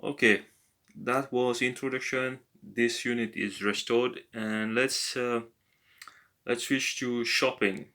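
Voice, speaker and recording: A man tutoring a language lesson, talking slowly and hesitantly with many filler pauses. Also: medium pitch, fairly even intonation, bright, forceful tone. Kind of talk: screen-recorded app language lesson.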